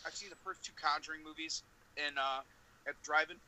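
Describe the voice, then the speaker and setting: A man's voice: on the high side, fairly even intonation, brisk, over a noisy crowd, rough recording. A man co-hosting a podcast, chatting casually and hesitating as he searches for words. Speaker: podcast co-host. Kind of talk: casual chat.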